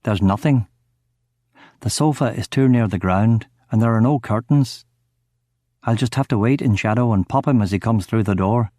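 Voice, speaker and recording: A man's voice: on the low side, normal speed, dark tone, no echo, clean studio sound. A man reading a crime audiobook in the first person, in short, clipped, tense sentences. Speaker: audiobook narrator.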